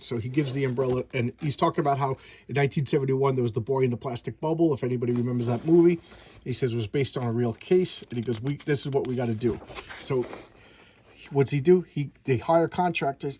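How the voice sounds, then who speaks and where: A man's voice: mid-range voice, a little mellow, slight background noise. A man recapping a comic book in a casual, enthusiastic, rambling way, with many restarts.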